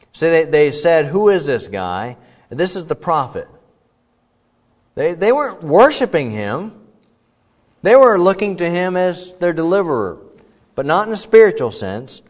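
A man preaching a sermon in a conversational way, with many fillers and restarts. He breaks into loud, high shouts when he acts out the crowd. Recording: dull, reverberant hall sound.

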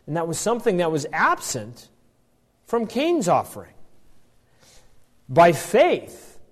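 A man teaching from the Bible, reading passages aloud and explaining them as he goes, with frequent restarts. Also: sits high.

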